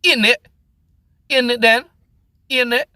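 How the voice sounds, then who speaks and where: A dithering medieval knight chirps in a high, mock-posh English voice, as a man puts him on. The sound is dry and close, with no room around it. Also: fairly even intonation, takes it slowly, pushed and bright, no room sound, heavily acted. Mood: silly. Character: bumbling medieval English knight, male, lost in his helmet.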